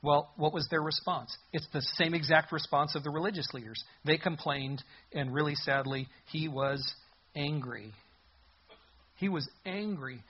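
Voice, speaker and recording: A man preaching with a husky, somewhat high voice, lively and animated, acting out the voices in the passage. The recording sounds a little dull and muffled. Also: unhurried. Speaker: pastor. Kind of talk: sermon.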